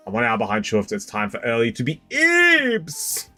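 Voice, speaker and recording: Man, live-stream chat, bouncy pitch, bright tone, joking with chat, dry close mic, faint music behind. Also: measured pace, no room sound. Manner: lively, joking, talks to chat by name. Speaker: streamer opening card packs.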